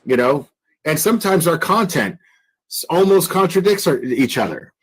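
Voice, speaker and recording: A man's voice: a little high, big pitch swings, normal speed, breathy edge, rough recording. A man hosts a casual livestream, rambling through his opinions with plenty of fillers. His talk is blunt and crude, and he often circles back to repeat his point. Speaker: commentary channel host.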